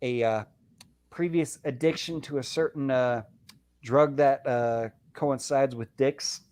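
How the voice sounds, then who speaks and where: A man's voice: medium pitch, slow, a little mellow. A man calling in to a live show, telling a heated personal story with constant swearing. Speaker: caller. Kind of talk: casual call-in storytelling.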